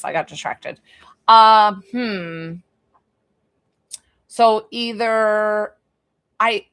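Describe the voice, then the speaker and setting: A woman's voice: mid-range voice, a bit bright, dry recording, studio quality. A woman hosting a live stream as a psychic medium from her basement, chatting effusively with viewers and swearing casually. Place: basement room.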